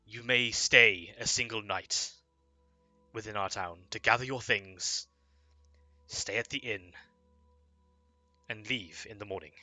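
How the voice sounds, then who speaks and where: Man doing a grave slow-talking warden, formal and solemn, bright dry tone. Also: on the low side, no room sound, soft background music, heavily acted. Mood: stern. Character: stern older male town warden, grave.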